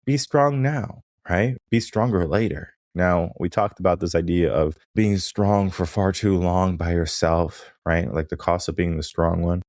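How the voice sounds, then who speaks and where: Man, very deep voice, emphatic coaching monologue, podcast host, dry close sound. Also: a little slow, few pauses, a little mellow, dry recording. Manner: emphatic, punctuates with "right?", mimics objections.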